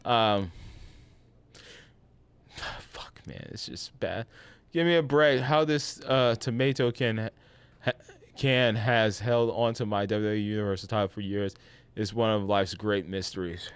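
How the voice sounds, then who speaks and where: A man's voice: on the low side, fairly even intonation, moderate pace, clear, resonant tone, no echo. A young man streaming a game while ranting casually and with exasperation, often restarting his sentences and laughing. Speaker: gaming streamer. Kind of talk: casual live-stream rant.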